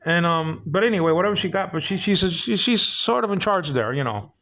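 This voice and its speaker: Older man, rambling monologue, stammering restarts, heated, slightly high voice. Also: animated, a little fast, pushed and bright. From Philippines. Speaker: vlog host.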